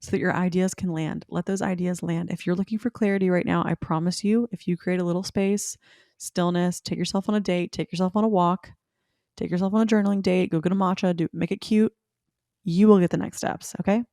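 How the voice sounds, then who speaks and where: A woman's voice: lowish voice, steady tone, mellow, no echo. Chatty young woman podcast host, dry sound. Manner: chatty, rambling, upbeat, affectionate toward listeners; fast-talking, slowing down at times. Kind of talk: casual spiritual podcast monologue.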